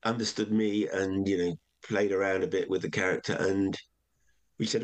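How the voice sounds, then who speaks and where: Older male comedian guest, very low voice, rambling anecdotal storyteller. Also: steady tone, fairly quick. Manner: rambling, with many restarts and acted quotes. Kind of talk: relaxed anecdotal chat.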